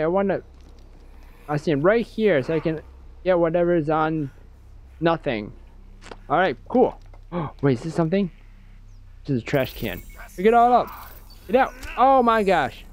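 A man streaming a horror game, giving excitable, jokey commentary and talking to himself. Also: a little high, measured pace, long pauses. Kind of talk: let's play commentary.

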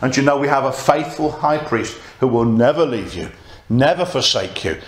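A man's voice: medium pitch, lively intonation, moderate pace. A man preaching a conversational sermon and reading scripture aloud. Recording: echoey church room.

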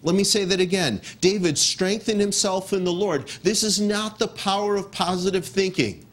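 Pastor, man, slightly high voice; emphatic sermon delivery, repeats phrases, hushes for stress. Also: moderate pace. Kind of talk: expository sermon.

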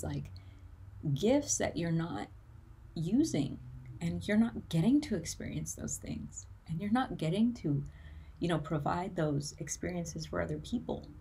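Talking to camera, a woman music career coach gives an earnest, emotional motivational talk, sometimes tearful and close to crying, with plenty of "like" fillers. Her voice is warm and on the low side, with slight background noise.

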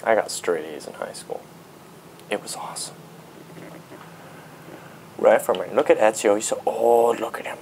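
Man, gravelly low voice, joking gameplay commentary, faint background noise. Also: measured pace, pauses often, darkish tone, poor audio. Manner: joking, riffs and sings along. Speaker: let's play gamer.

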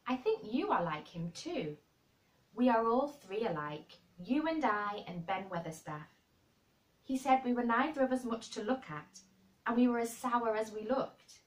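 A woman voicing a frail, excitable boy who gasps and cries out eagerly. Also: a little slow. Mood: wistful. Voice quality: high, breathless, gasping. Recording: roomy and distant.

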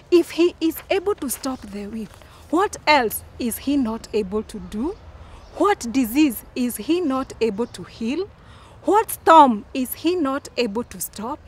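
A woman giving a children's sermon as a Sunday school teacher, slow and emphatic, repeating lines for the children to echo. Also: high voice, slightly rough.

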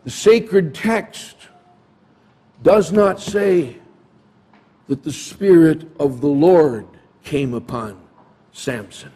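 A man's voice: on the high side, very slow, long pauses, dark tone, husky. A man preaching a sermon in a church, retelling a story dramatically. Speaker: pastor.

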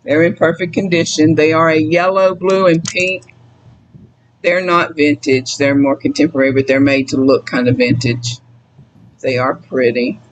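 A woman's voice: deep voice, fairly even intonation, normal speed, slight background noise, low-quality recording. Chatty Southern woman, emotional. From Mississippi. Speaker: co-host selling items. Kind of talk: casual live sale chat.

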